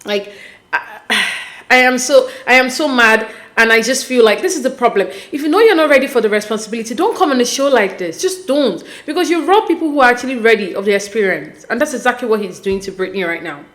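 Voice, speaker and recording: A woman's voice: fairly high pitch, animated, quick pace, hardly any pauses. A woman hosting a casual show recap, talking animatedly and with exasperation straight to her viewers. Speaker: podcast host recapping a reality show. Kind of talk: casual commentary.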